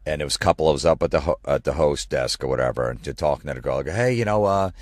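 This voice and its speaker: A low-voiced man rants through a comedy podcast, swearing freely and sounding exasperated. He mocks the people he complains about with quick impressions. The sound is dry and close to the mic. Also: fairly even intonation, dry recording. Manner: profane, exasperated ranting with mocking impressions. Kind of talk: ranting comedy podcast monologue.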